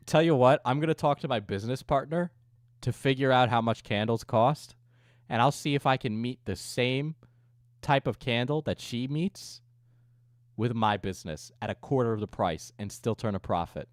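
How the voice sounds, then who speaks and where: A man's voice: medium pitch, normal speed, no room sound, clean studio sound. A man livestreaming, chatting casually with viewers, joking, ranting and swearing often. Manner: profane, joking rants with frequent laughter. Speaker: coffee business owner.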